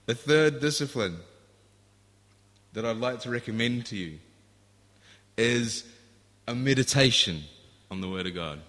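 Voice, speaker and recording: A man's voice: medium pitch, unhurried, pauses often, fairly bright tone. A man preaching a sermon in an earnest, storytelling way, often restarting his phrases. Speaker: pastor. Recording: echoey hall.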